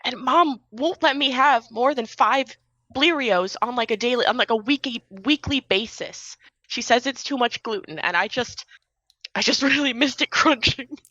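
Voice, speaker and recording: A woman plays a small, shy schoolboy in a tabletop game, his voice pitched higher and bright, trailing off as he rambles. He sounds meek and hesitant over a dull, muffled recording. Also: normal speed, dry recording. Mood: sheepish. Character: young school-age boy, shy, loves crunchy cereal.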